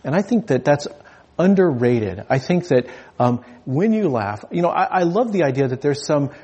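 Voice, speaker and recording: Husky man preaching a humorous sermon. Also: a little high, sing-song, moderate pace, dark tone. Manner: conversational, humorous, with frequent restarts.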